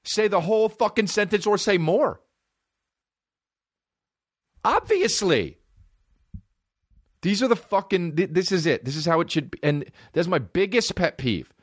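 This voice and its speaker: A man's voice: sits high, expressive, a little slow, pauses often, no room sound, studio quality. Profane, exasperated male comedian ranting. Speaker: comedian podcast host. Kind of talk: casual comedic rant.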